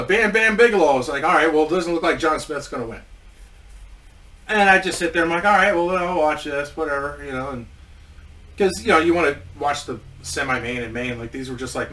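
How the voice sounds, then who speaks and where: A man's voice: fairly high pitch, sharp tone, distant mic, low-quality recording. Rambling man telling wrestling stories. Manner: rambling with many restarts and swearing. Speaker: indie wrestler telling a story. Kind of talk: casual storytelling.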